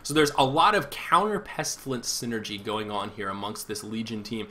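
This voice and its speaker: A man's voice: lowish voice, normal speed, pushed and bright, slight background noise. A man casting a live video game match solo, giving chatty play-by-play and thinking aloud as he corrects himself. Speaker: esports caster.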